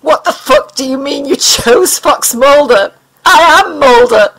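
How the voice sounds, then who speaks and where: A woman voicing a tormented male captive who swears, shouts and wheezes in pain in an audiobook. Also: a little high, steady tone, normal speed, lightly acted, low-quality recording. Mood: furious. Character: tormented captive man, furious and desperate.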